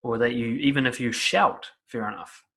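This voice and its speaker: Man, self-help coach, blunt, profane, emphatic, mid-range pitch. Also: moderate pace, fairly bright tone. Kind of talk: direct-to-camera advice talk.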